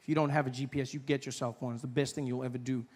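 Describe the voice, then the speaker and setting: A young man from Africa, performing an animated stand-up routine in a live venue and breaking into shouted voices. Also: mid-range voice, racing, big-room sound. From South Africa. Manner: animated, acts out voices with sudden shouts and laughs. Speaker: stand-up comedian. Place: live comedy venue with audience.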